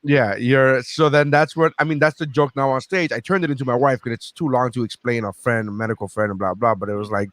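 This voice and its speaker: A man in his thirties, a comedian hosting a podcast, telling stories in a profane, animated way. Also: mid-range voice, fast, few pauses, dry recording. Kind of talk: casual podcast chat.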